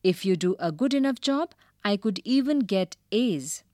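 A woman voicing a scheming schoolboy in a storybook, speaking low and slyly. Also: expressive, normal speed, warm tone, dry recording, clean studio sound, natural voice. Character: scheming schoolboy bargaining for homework help.

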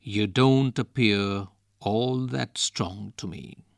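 A scheming ghost, put on by a male storyteller, calls out in a slow, coaxing voice. Each word is drawn out, and the recording is dry and close. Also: lowish voice, vocal fry, no room sound. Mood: sulky. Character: lying, scornful male desert ghost.

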